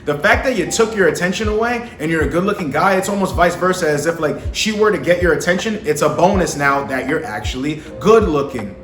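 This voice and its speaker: Young man, fairly high voice, casual slangy profane monologue, echoey room, faint music behind. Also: expressive, a little fast, hardly any pauses, a bit bright. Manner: slangy, profane, keeps asking "you understand?". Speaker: vlogger giving dating advice to men.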